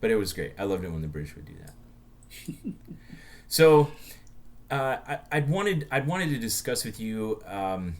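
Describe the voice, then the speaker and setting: Deep-voiced American man telling stories. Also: sing-song, measured pace, pauses often. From United States. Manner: chatty storyteller, many restarts. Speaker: podcast co-host. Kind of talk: casual chat.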